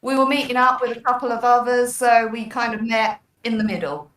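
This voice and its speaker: A woman guest talking casually on a stream, halting and hesitant at times. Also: a little high, steady tone, fairly bright tone, poor audio. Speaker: guest pilot. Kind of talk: casual interview chat.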